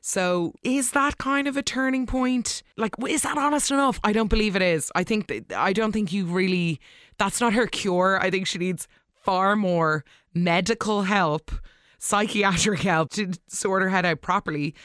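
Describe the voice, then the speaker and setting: Recap vlogger: chatty, animated, mid-pitched voice, dry close recording. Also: dry recording. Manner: animated, gushing, quick asides. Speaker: soap opera recap host. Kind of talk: casual episode recap.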